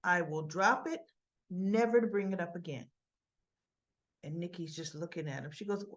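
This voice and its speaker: A woman's voice: fairly low pitch, normal speed, lo-fi sound. A woman giving a casual spoken recap of a soap opera episode, quoting the characters and throwing in chatty asides.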